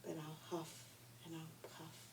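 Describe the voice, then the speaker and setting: A woman voicing the big bad wolf, a menacing male beast who makes slow, low threats. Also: monotone, vocal fry, full character voice. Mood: threatening. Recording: distant mic, faint hiss.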